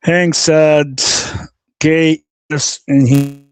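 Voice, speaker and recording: Extremely slow and flat in delivery, this livestream host has a voice on the high side, a little mellow and clean, with no room sound. He rants angrily and profanely, reading viewer comments aloud and repeating his insults in a combative way.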